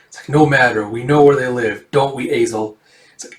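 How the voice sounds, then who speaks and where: A man casually recapping a comic book, voicing the characters' lines himself and jumping into loud shouts for the dramatic ones. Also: medium pitch, fairly even intonation, fairly quick. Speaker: manga reader recapping a comic. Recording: echoey room, far from the mic.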